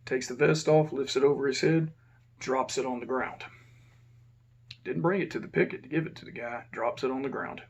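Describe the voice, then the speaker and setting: A former prison officer telling a casual, profane story and acting out the dialogue. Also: male voice, mid-range voice, fairly quick, gravelly, slightly rough.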